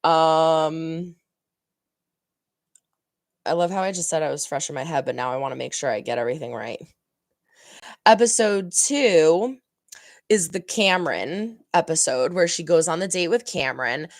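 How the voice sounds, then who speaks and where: A woman's voice: low voice, lively intonation, normal speed, long pauses, no echo, clean studio sound. A woman hosting a reaction channel, giving a chatty, rambling recap that corrects itself as she goes. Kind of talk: casual recap of a TV episode.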